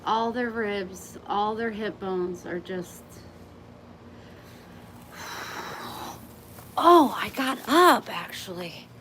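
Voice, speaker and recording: A woman's voice: medium pitch, drawn-out words, long pauses, a bit bright, slight background noise, rough recording. A woman vlogging live in casual chat, chatty and plainspoken, talking into a phone outdoors near her home. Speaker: vlogger livestreaming.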